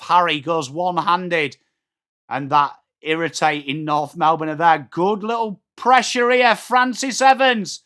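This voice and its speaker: His voice is fairly high, smooth, bright and forceful, delivered at a measured pace. The livestream host, a middle-aged Englishman with an English accent, chats his way through a live football watchalong, naming viewers, reading their messages and narrating the match as it happens.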